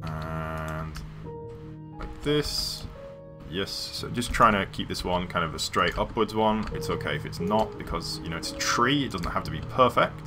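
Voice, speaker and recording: A British man streaming a block game, talking softly through his build and trailing off into quiet ums and asides. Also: sits low, moderate pace, music in the background. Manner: soft-spoken and mumbling, full of ums and quiet trailing asides. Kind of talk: casual build commentary while streaming.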